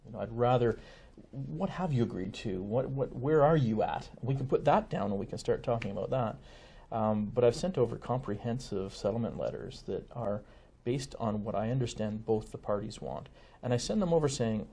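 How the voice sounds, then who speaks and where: A middle-aged man speaks in a low, dark voice with a husky edge. He explains things in a measured way, full of examples and small asides, like a lawyer being interviewed. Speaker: family lawyer guest. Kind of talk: conversational interview.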